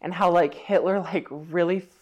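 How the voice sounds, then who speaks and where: A woman's voice: lowish voice, steady tone, normal speed, muffled recording, a crowd in the background. A woman co-hosting a casual podcast, rambling through a story with lots of "like" and laughter. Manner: rambling, full of "like", laughs while telling. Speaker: podcast co-host.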